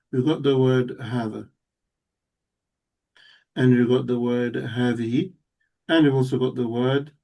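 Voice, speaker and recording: A man's voice: medium pitch, vocal fry, mellow. A man teaching a live Arabic class, explaining step by step and checking that students follow. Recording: voice somewhat distant from the mic.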